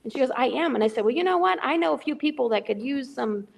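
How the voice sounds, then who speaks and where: A middle-aged woman, a charity volunteer calling in remotely as a guest, tells a story on a casual call-in podcast, animatedly acting out the dialogue in quotes. Her voice is high, quick, and gravelly, with a big-room sound.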